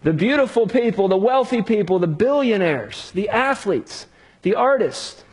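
A husky, slightly high-voiced man preaching a sermon. He builds drama by dropping into hushed pauses, then rising again for emphasis. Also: lively intonation. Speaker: pastor.

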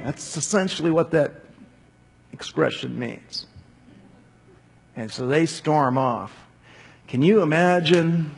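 A man's voice: mid-range voice, vocal fry, husky. A man giving a casual Bible commentary with conversational asides. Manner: conversational with asides and acted quotes. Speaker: Bible teacher. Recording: long hall reverb.

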